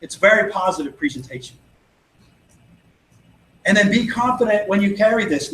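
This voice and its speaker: An animated man whose voice sits high, sounding pushed and bright, speaks at a moderate pace. He's a network marketing trainer at an event venue, giving a motivational sales talk and confidently acting out both people in his anecdotes to persuade, with echo and faint noise in the room.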